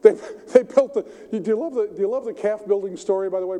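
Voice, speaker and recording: A man's voice: high voice, fast talker. A middle-aged male pastor preaching a sermon, telling stories animatedly and acting out the characters. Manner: storytelling, animated, acts out the characters. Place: church sanctuary. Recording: long reverb of a church hall.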